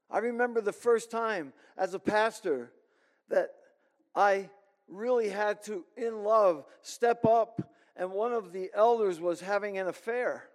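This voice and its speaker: A man preaching a sermon as pastor, earnest and emphatic with deliberate pauses. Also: high voice. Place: church sanctuary. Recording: long hall reverb.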